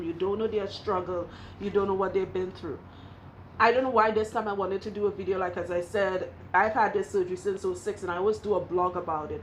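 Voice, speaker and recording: A medium-pitched woman's voice comes through with a little hiss or hum. She speaks with a Trinidadian accent, a hairstylist and vlogger recounting an emotional personal testimony, candid and rambling, with many restarted sentences. Her surgery happened in her 20s; she is older now.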